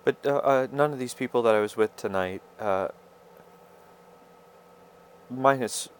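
A man hosting his own podcast, talking through a halting, confessional monologue full of fillers and restarts. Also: medium pitch, a little hiss or hum. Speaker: podcast host. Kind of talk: rambling personal monologue.

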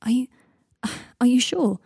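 A woman voicing a hesitant, gentle young wizard who stammers and turns frantic when frightened. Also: fairly high pitch, lively intonation, measured pace, gravelly, slightly rough, no room sound, clean studio sound, pitched above the performer's own voice, heavily acted. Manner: stammering, soft-spoken, panicky when frightened.

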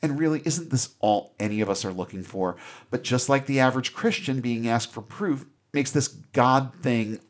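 Sarcastic guy doing a casual film recap, mid-pitched voice. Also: moderate pace. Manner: sarcastic, irreverent.

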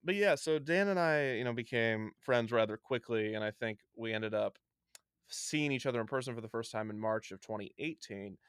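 A man hosting a casual interview, easygoing and relaxed. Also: medium pitch, moderate pace, clear, resonant tone, no echo, studio quality. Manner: easygoing, with fillers. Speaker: podcast host.

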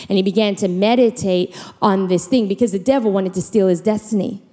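A woman's voice: medium pitch, a little fast, few pauses. Emphatic woman preaching in a hall. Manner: animated storytelling, emphatic. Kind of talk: sermon. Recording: long hall reverb.

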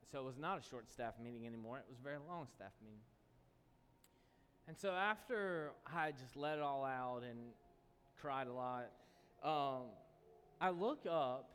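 A man's voice: medium pitch, fairly bright tone. A man preaching a sermon as pastor, telling a personal story and then building to an impassioned appeal to his church. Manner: storytelling, rising to impassioned exhortation. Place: church hall. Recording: echoey hall with faint noise.

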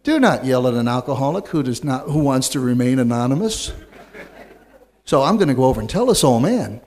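An American man shares his recovery story with a live audience, animated and wry, swinging between loud and hushed delivery. His pitch is fairly high and he talks fast.

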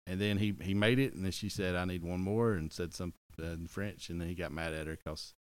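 Middle-aged guy with a real low voice, rambly jokey podcast chat. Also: steady tone, brisk. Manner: rambling, self-correcting, jokey. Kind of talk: casual chat.

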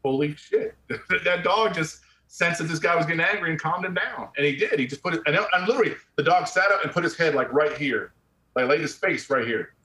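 Brisk, sharp, and fairly high, his voice moves with lively intonation. This middle-aged veteran gives a candid personal account in a relaxed interview, blunt and talkative, dropping "man" and the odd curse, with echo filling the room.

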